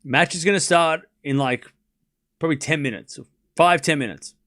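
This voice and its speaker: A man's voice: on the high side, moderate pace, sharp tone. Sarcastic man chatting to stream viewers. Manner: sarcastic, teasing, rambling with restarts. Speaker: streamer hosting a tennis watchalong. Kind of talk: casual live-stream chat answering viewers.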